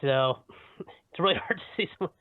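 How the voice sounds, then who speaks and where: A man's voice: fairly high pitch, moderate pace, no echo. A man co-hosting a casual podcast from home, rambling and cutting himself off, with frequent chuckles. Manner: rambling, self-interrupting, chuckling. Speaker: podcast co-host. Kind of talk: casual chat. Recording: tinny phone-like dry sound.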